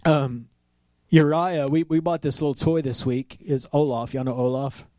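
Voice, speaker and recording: The sermon comes from a pastor, a man in his thirties with a medium-pitched voice who talks at a moderate pace. It's casual and conversational, full of animated storytelling in which he acts out the quotes, and the recording is dry.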